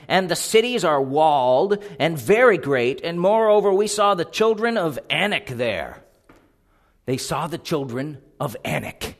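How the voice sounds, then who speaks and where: High-voiced animated male preacher. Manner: animated, joking, acts out voices. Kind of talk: sermon.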